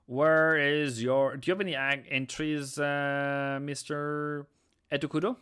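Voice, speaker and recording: A man's voice: on the high side, measured pace, fairly bright tone, clear, resonant tone. Male streamer, non-native English with Norwegian roots, easygoing live-chat delivery, clean resonant voice. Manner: chatty, reads chat aloud, sings snatches. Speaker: forex trading streamer. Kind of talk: casual live-stream commentary.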